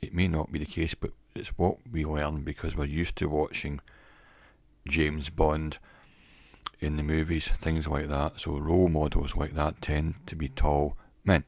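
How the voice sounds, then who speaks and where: A man giving an educational talk in a measured, reflective way, pausing often between phrases. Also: a bass voice, little pitch movement, darkish tone, no echo. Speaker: teacher. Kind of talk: educational monologue.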